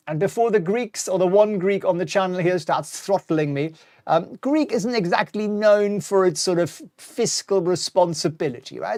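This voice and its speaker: A man's voice: sits high, dry recording, studio quality. A middle-aged man hosting a live-streamed stock market talk, chatty and wry, reading out viewer comments as he goes. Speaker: host.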